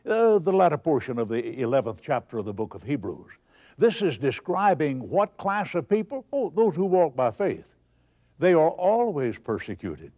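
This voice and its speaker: A man's voice: fairly high pitch, big pitch swings, normal speed, darkish tone, highs cut off. A man preaching a broadcast sermon, asking rhetorical questions and answering them himself with emphasis.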